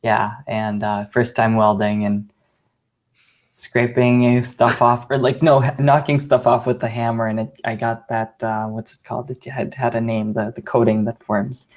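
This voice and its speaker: A man co-hosting a maker podcast, talking casually and pausing often to search for words. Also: mid-range voice, flat delivery. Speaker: podcast co-host. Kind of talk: casual chat.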